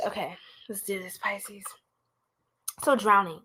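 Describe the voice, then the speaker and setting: A woman's voice: mid-range voice, unhurried, background noise. A young woman, doing a live tarot reading in a playful, goofy, slangy way and laughing often. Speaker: tarot reader.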